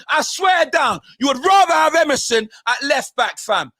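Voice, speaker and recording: High-pitched, furious fan ranting. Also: male voice, lively intonation, moderate pace, hardly any pauses, no room sound, clean studio sound. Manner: ranting, shouting, heavy slang. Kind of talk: angry football fan rant.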